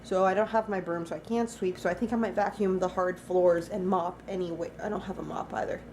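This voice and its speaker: A woman's voice: lowish voice, fairly even intonation, brisk, a little mellow, slight background noise. Chatty young woman vlogging at home. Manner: chatty and rambling, talks to her dogs. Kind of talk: casual daily vlog. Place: at home, indoors.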